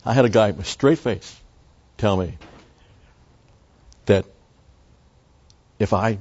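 Older man, Bible study lecture, rambling asides, mellow husky voice, dull lo-fi recording. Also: fairly low pitch, takes it slowly. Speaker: Bible teacher.

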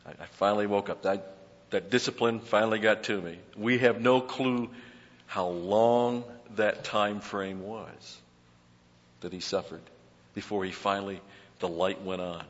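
A middle-aged pastor with a low, deep voice preaches in an earnest, emphatic way and often stumbles into repeated words. The sound is dull and lo-fi, with a long reverb trailing behind him as if in a large church hall. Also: male voice, steady tone, unhurried. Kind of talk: sermon.

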